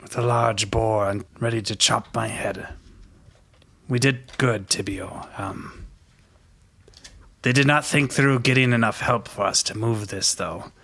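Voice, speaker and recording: A man's voice: lowish voice, measured pace, vocal fry, a bit bright. A man playing a tabletop game in character, with stiff, formal phrasing. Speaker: player.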